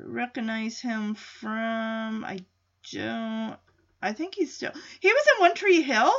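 A woman's voice: fairly high pitch, animated, slow, highs cut off. A woman hosting a podcast, recapping an episode in a casual, rambling way and thinking aloud with many fillers and restarts. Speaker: podcast host.

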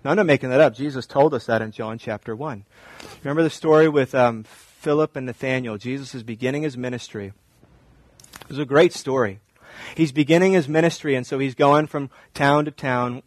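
A male pastor preaching a sermon, telling stories animatedly and acting out dialogue, then slowing to quiet emphatic lines. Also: mid-range voice, dry recording, poor audio. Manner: drops to slow, quiet emphasis.

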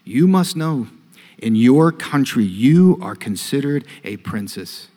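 A man quoting a West African aunt welcoming her lost niece, speaking slowly and formally with a West African accent. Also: mid-range voice, sing-song, mellow. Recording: long hall reverb.

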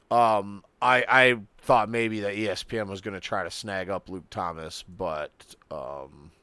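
A man co-hosting a casual fight-talk podcast, his voice going hoarse, loose and profane, stumbling over names. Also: lowish voice, pushed and bright. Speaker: podcast co-host. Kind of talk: casual chat.

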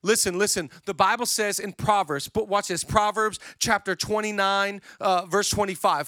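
High, bright male preacher, lively and chatty, dry close sound. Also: normal speed, few pauses, dry recording. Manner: energetic, conversational storytelling. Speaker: pastor. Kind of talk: sermon.

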